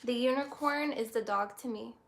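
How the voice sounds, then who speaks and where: Woman, slightly high voice, tarot reading, soft, reflective, halting, near tears. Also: creaky. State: close to tears. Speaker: tarot reader. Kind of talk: emotional tarot reading livestream.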